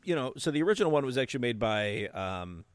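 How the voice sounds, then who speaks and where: A man co-hosting a casual podcast chat, hesitant, with many pauses and restarts, sometimes laughing. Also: medium pitch, big pitch swings, clear, resonant tone, no room sound. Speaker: podcast co-host.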